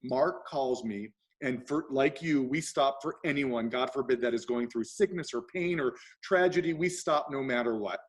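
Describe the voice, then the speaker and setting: A man hosting a talk show, telling an animated story and acting out the people he quotes. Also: mid-range voice, moderate pace, few pauses. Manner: acts out quoted voices, shifts pace often. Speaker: show host.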